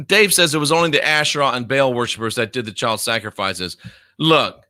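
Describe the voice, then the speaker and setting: A man's voice: medium pitch, a little fast, pushed and bright, no room sound, clean studio sound. A man in his fifties hosting a live stream, reading viewer comments aloud in a blunt, profane, casual way and laughing often. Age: 50s.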